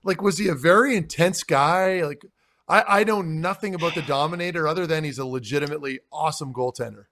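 A man's voice: a little high, fast, fairly bright tone. A man co-hosting a casual sports podcast, easygoing and joking along. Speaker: podcast co-host.

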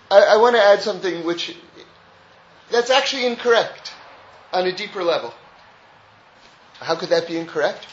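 High-voiced man teaching a Torah class. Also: fairly bright tone, roomy sound, highs cut off. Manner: earnest, repeats phrases, stresses key words.

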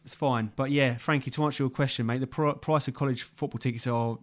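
A man's voice: mid-range voice, fairly even intonation, fast talker. A young man co-hosting a football podcast in casual chat, laughing easily and calling his co-host mate. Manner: chatty, laughs easily, says mate a lot.

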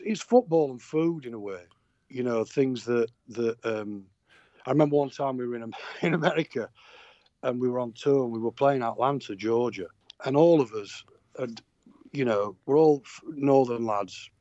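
A middle-aged Yorkshire man from Sheffield spins a rambling tour story, stopping and restarting with plenty of fillers. His voice sits at an everyday middle pitch. The sound is dull and muffled, close and dry. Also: dark tone, no room sound. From Sheffield, England. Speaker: touring musician guest. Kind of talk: anecdotal interview chat.

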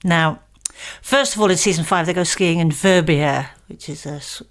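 A woman co-hosting a casual comedy chat, jokey and quick to laugh. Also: on the low side. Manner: chatty, laughing, jokey asides. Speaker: comedian co-host.

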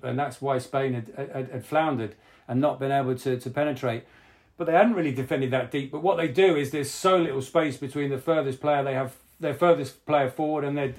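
A man's voice: medium pitch, darkish tone. Analytical man breaking down football tactics. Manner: analytical, hesitant with fillers. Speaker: football pundit. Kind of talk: casual podcast chat.

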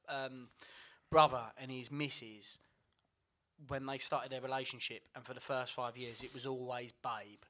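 A man's voice: mid-range voice, sharp tone. A man with an Essex accent, co-hosting a podcast in casual banter, teasing and swearing freely. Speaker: podcast co-host.

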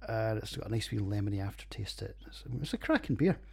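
A man's voice: on the low side, very animated, fast talker, creaky, darkish tone, slightly rough. A man with a Scottish accent hosting a casual solo podcast, rambling and jokey with plenty of swearing. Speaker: podcast host reviewing beers.

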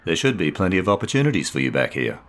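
A swaggering male lawyer, eager and charming, as a narrator plays him. The deep voice lifts keenly and moves with a lively lilt. He sounds like a character in a storybook reading. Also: very fast.

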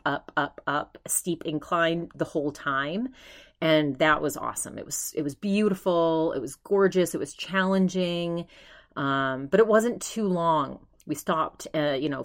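Chatty woman podcast host, slightly low voice. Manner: chatty and animated, with many restarts and acted-out quotes. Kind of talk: casual solo storytelling.

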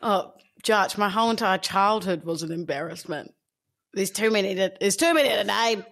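A woman's voice: mid-range voice, lively intonation, normal speed, vocal fry, a bit bright. A woman co-hosting a podcast, teasing and chatty. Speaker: podcast co-host. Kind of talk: casual banter.

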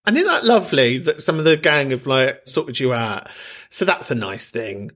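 A man's voice: medium pitch, sing-song, normal speed, a bit bright. A man hosting a podcast, talking in an effusive, chatty, self-mocking way. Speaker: podcast host. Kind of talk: casual chat.

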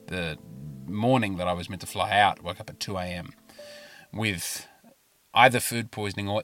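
A man with an Australian accent, a comedian hosting his podcast, telling rambling stories with wry, animated asides from inside a parked car. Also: lowish voice. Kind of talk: casual comic storytelling. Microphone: podcast mic in a car.

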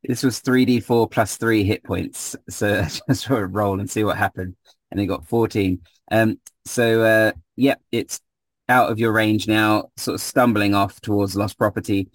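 A man serves as game master narrating a tabletop game, relaxed and hesitant, filling pauses with ums. His voice sits on the low side, with no room sound.

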